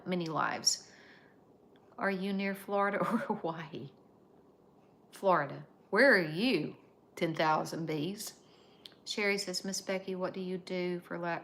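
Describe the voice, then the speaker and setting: An American woman hosting a casual live stream, chatting and reading out viewer comments in an unhurried way. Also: fairly low pitch, a bit bright, a little hiss or hum. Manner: unhurried, chatty, drawn-out phrasing. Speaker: livestream host.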